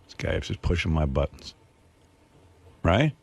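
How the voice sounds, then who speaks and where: A radio host with a low, creaky, breathy voice tells a story at a measured, sing-song pace. He rambles, sounds exasperated and pokes fun at himself, all captured with dry studio sound.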